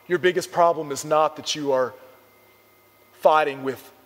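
Jesus, calm and tender, as a preacher quotes him. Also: male voice, on the high side, measured pace, big-room sound. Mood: earnest. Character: Jesus, gentle compassionate grown man.

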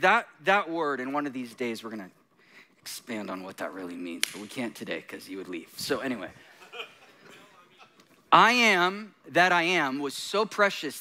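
A man's voice: fairly high pitch, bright, forceful tone. A man preaching a sermon, mixing laughing, self-deprecating jokes with intense points. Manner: laughing often while talking. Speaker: guest preacher.

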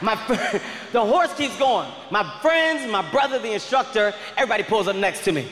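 A high-pitched man shouting out a profane stand-up story, animated and loud. His voice rings through a big echoey hall with a long reverb tail. Faint noise hangs underneath. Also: normal speed. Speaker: comedian.

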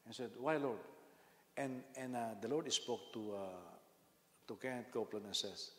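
A man preaching a sermon as senior pastor, telling stories with lively bursts and frequent restarts and repeated words. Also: mid-range voice, moderate pace. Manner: animated storytelling, frequent repetitions and restarts. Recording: echoey hall with long reverb.

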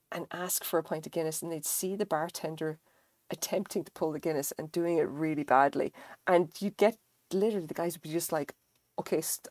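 An Irish woman hosts a casual livestream while she crochets. Her voice sits on the low side and sounds close and dry. She talks animatedly, drops plenty of "like" and "you know", and swears without a second thought. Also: no room sound. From Ireland. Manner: animated, swears freely, lots of fillers. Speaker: livestream host.

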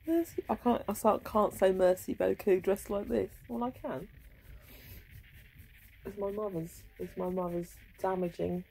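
A woman's voice: mid-range voice, fairly even intonation, a little slow, vocal fry, a little mellow, breathy edge, low-quality recording. A middle-aged woman talking in a meandering, self-interrupting monologue at home, with sudden swearing. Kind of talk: rambling monologue. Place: home, indoors.

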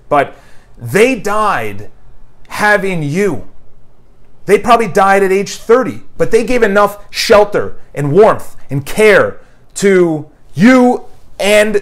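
High-voiced man giving an emphatic book talk. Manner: emphatic, repeats phrases, lists questions; quotes an author's dialogue in paraphrase. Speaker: book reviewer. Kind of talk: casual motivational monologue. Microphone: new microphone, home video.

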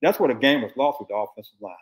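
A man's voice: mid-range voice, animated, rapid-fire. An older man from Texas, a former football coach, giving blunt, emphatic football analysis in casual talk and repeating his points.

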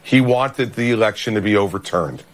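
Blunt low-voiced man on air. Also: normal speed. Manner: blunt, assertive. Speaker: political guest. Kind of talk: broadcast interview answer.

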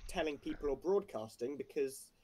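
A man on an online writers' panel, speaking in a measured, direct way and stating his opinions without hedging. His voice is a little higher than most men's. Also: lively intonation, darkish tone.

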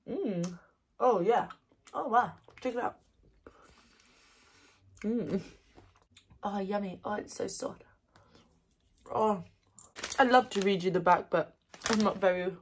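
A woman doing ASMR snack tasting, soft-spoken, giggly and gushing into a close microphone. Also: medium pitch, breathy edge. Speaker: ASMR creator.

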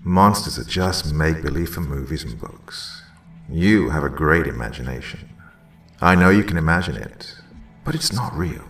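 A man voicing a calm, gentle father soothing his son in a horror story reading. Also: very deep voice, normal speed, echoey room, distant mic, exaggerated voice. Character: calm reassuring young father.

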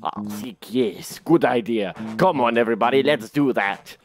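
A man's voice: mid-range voice, normal speed, faint music behind, pitched below the performer's own voice, lightly acted. Man as friendly schemer, breezy, conspiratorial. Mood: scheming.

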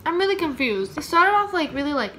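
A woman's voice: sits high, sing-song, brisk. A young woman chatting casually and emotionally as she reacts to a new album, saying "like" constantly. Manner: gushing, emotional, heavy use of "like". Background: pop music playing.

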